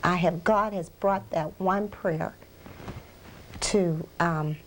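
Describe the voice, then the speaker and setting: A woman's voice: fairly low pitch, steady tone, takes it slowly, slight background noise, low-quality recording. A woman minister giving a heartfelt, emotional testimony in an interview, earnestly repeating phrases for emphasis. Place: research center.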